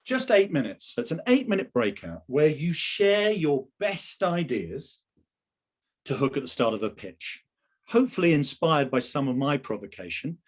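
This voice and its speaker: A man's voice: fairly high pitch, husky. A middle-aged man presenting a webinar on a video call, coaching sales teams in a conversational way and putting questions to the audience.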